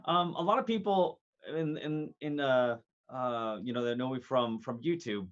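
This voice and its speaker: A man hosting a podcast, reminiscing casually with an old college friend, halting with fillers and restarts and laughing often. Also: medium pitch, a bit bright, dull audio. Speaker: podcast host.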